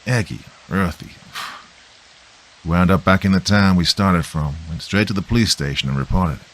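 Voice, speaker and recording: A man voicing a weary, gruff old grandfather with a folksy drawl, recounting a horror. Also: sits low, normal speed, a bit bright, rough recording. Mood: haunted. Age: older.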